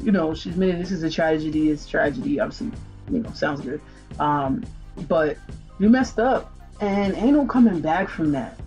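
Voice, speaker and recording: Low and mellow, this woman's voice carries her music channel, where she casually comments on song lyrics, picking them apart in slangy, chatty fashion and asking rhetorical questions.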